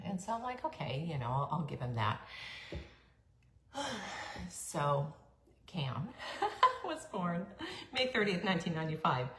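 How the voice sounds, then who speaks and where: A middle-aged woman telling her life story in a chatty monologue, with fillers, throat-clearing and quick asides. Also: deep voice, big pitch swings, a bit bright. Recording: echoey room, faint background hum.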